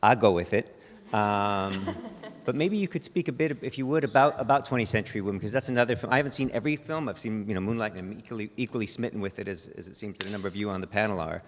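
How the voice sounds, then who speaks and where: A man in the audience of a large auditorium asks a panel a long, polite question, halting and restarting often. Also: on the low side, a little hiss or hum. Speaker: audience member asking a question. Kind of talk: hesitant question from the floor. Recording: distant voice in a reverberant hall.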